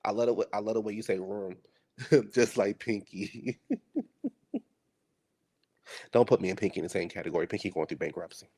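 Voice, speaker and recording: A man's voice: fairly low pitch, normal speed, long pauses, darkish tone, breathy edge. A man giving sassy, teasing commentary while reacting to a reality show.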